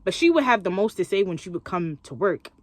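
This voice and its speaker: A woman's voice: medium pitch, very animated, a little fast, no room sound. A young woman vlogging, chatting expressively as she tells a story and acts out what others said. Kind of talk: casual storytelling to camera.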